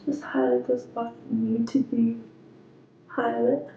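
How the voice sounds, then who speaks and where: Hoarse young woman in an echoey room. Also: fairly high pitch, flat delivery, measured pace, warm tone, lo-fi sound. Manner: chatty, walks through each step. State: hoarse from a cold. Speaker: beauty vlogger. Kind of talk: casual makeup tutorial. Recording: echoey room, faint background music.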